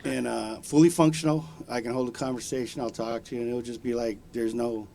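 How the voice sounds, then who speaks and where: A man's voice: medium pitch, fairly even intonation, fairly quick, vocal fry, dark tone, slight background noise. A man in his forties, a guest on a live talk show, telling loose, slangy, profane stories with plenty of laughter. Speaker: studio guest. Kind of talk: casual storytelling chat. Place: radio studio.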